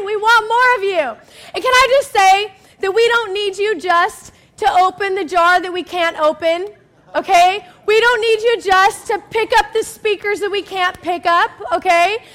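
A woman's voice: very high-pitched, fairly bright tone. A woman pastor giving a chatty, emphatic sermon, often checking in with the crowd and acting out little scenes. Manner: acts out quoted people in story.

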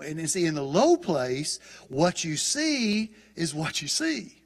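A man's voice: a little high, very animated, slow pace. A middle-aged male pastor preaching a sermon in a church, talking conversationally and often restarting and repeating words. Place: church sanctuary.

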